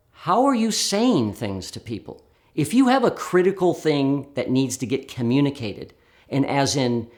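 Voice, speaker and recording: A middle-aged man telling how he runs a stage demonstration, acting out the dialogue with lively changes of voice. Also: mid-range voice. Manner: animated, acts out dialogue with voice changes. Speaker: speaker explaining a demonstration. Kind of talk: storytelling talk to camera.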